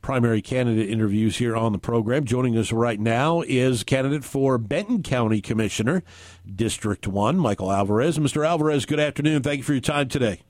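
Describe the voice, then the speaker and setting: Male radio host, conversational, middle-pitched, dry studio sound. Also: a little fast, a little mellow, no room sound. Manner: conversational, occasional fillers. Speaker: radio talk show host. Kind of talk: radio talk show hosting.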